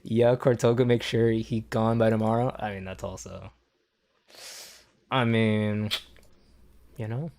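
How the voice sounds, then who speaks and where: A young man streaming with a somewhat low voice, reacting to clips on the fly. He swears constantly, wanders from point to point and caps his takes with a quick "okay?", laughing at his own jokes as he goes. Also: flat delivery, a little mellow, a little hiss or hum. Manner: profane, rambling, tags lines with "okay?". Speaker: livestream host reacting to clips. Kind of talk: casual stream commentary.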